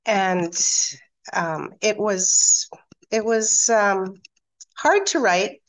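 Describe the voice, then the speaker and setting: A middle-aged woman, a podcast guest, telling a painful personal story with halting restarts, then reading her own poem. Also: medium pitch, animated. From Australia. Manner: candid, emotional, halting with restarts. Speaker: guest, hypnotherapist and coach.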